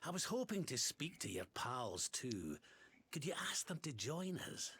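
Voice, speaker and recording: A man voicing a kindly old male fighter in a video game, with a put-on Scottish accent and a gravelly voice. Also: mid-range voice, big pitch swings, measured pace, fairly bright tone, pitched below the performer's own voice, full character voice. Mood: worried.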